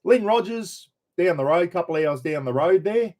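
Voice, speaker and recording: A man's voice: a little high, lively intonation, unhurried, a little mellow. A middle-aged Australian man hosting a casual live stream, chatting loosely, greeting viewers by name and swearing freely.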